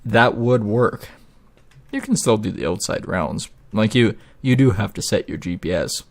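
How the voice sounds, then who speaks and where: A man's voice: lowish voice, animated, a little slow. A man hosting a gaming video, rambling and ranting with plenty of swearing in casual gameplay commentary.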